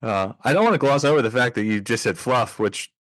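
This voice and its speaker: A young adult man hosts a podcast and chats in an easygoing way, tossing in quick asides and chuckles. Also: medium pitch, expressive, a bit bright, no echo. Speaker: podcast host. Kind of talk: casual interview chat.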